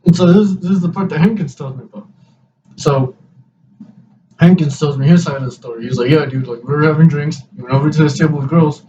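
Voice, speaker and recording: Talking fast in a fairly high voice, this young male podcast host spins a profane, rambling story in casual chat, acting out quoted dialogue as he animatedly retells it. The audio is dull and lo-fi from a distant mic, with noticeable hiss behind him.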